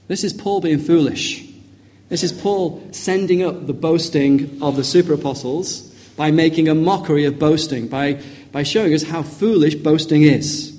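A male preacher delivering a sermon, his voice mellow and soft-edged, pitched a little high. He reads passages with lively, emphatic rises. Each point comes in an animated rhythm. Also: moderate pace. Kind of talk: expository sermon.

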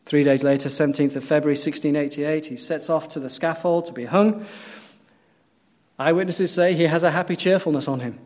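Man, pastor, earnest sermon storytelling, fairly high voice, long echoing hall. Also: fairly even intonation, brisk. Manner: earnest storytelling, rising to loud emphatic peaks and dropping to quiet.

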